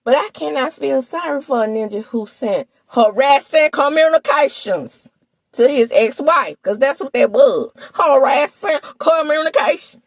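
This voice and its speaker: High-voiced woman, sassy gossip recap, lively swoops, dry close mic. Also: unhurried, dry recording. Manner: sassy, animated, talks straight to viewers. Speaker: gossip commentator. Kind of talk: casual reality TV recap.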